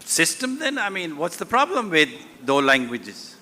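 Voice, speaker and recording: A man's voice: on the high side, wildly swooping pitch, moderate pace, bright, forceful tone. A man moderating a conference panel, asking probing questions.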